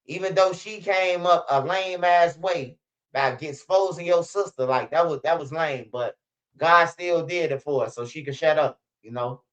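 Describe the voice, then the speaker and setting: A man's voice: on the high side, normal speed, a bit bright. A man from Chicago hosting a commentary channel, telling stories in slangy street talk and acting out what people said. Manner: slangy storytelling, acts out quotes. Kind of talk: casual street-news commentary. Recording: dull lo-fi sound.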